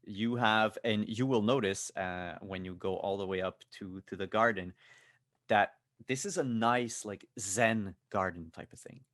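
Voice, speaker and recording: A man narrating as game master of a tabletop game, calm and descriptive with dry humor. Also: fairly low pitch, a little slow, dry recording.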